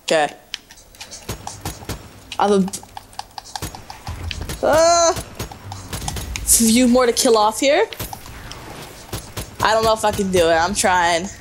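A young woman commenting as she plays, yelping and laughing in a panicky, excitable way. Her voice sits fairly high and leaps around a lot. Faint game music plays behind her. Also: takes it slowly, pauses often. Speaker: game show host.

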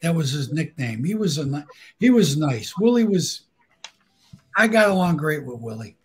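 A man, a guest telling profane, animated anecdotes and acting out the people in them. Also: fairly high pitch, normal speed, husky, poor audio. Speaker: guest storyteller. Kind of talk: casual storytelling.

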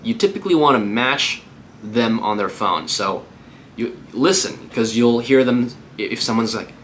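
A man's voice: mid-range voice, expressive, normal speed, fairly bright tone, slight background noise. A man working as a real estate agent, giving a casual, upbeat tutorial on cold calling between live calls.

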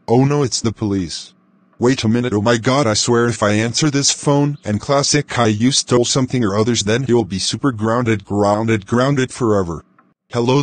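A man's synthetic-sounding voice reading every part of a grounded video in a flat, robotic way. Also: medium pitch, no echo. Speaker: narrator voicing all parts. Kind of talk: text-to-speech grounded-video narration.

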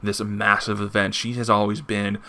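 A man's voice: on the low side, little pitch movement, normal speed, gravelly, bright, forceful tone. A man hosting a casual comic book review, gushing with enthusiasm and reading panels aloud, swearing now and then.

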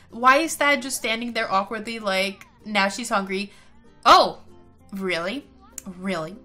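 A woman hosting a gaming video, giving chatty and excitable gameplay commentary with frequent giggles. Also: medium pitch, a little slow, faint music behind.

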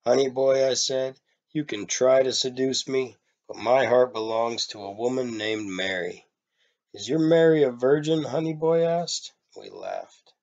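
A man reading a short story aloud, in a plain, low-key way, giving the characters' lines some life. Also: a little slow, darkish tone, dull audio. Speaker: reader.

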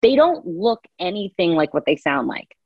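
A woman's voice: on the low side, sing-song, moderate pace, breathy edge, dry recording. A woman audiobook narrator chatting as an interview guest, talkative and laughing easily. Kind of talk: casual interview chat. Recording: dull, dry sound.

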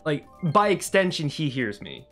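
A man streaming a racing game with a friend, excitable, yelling and swearing at the game and meowing for fun. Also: on the high side, moderate pace, faint music behind. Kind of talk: casual gaming stream chat.

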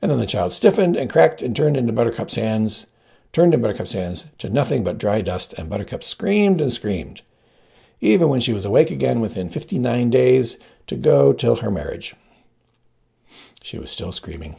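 A man reads a story aloud in a gravelly, husky voice. His tone is dark and mellow, and his pitch moves freely as he voices each character. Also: sing-song, moderate pace. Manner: reads all characters with shifting pitch, quiet narration tags. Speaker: audiobook reader. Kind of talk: scripted narration.

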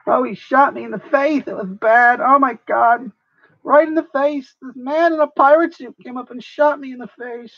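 A man's voice: moderate pace, dry recording, dull audio. A man voicing a whiny fellow who got shot in the face and now talks in a strange put-on accent. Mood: whining. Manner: high, wailing, self-pitying.

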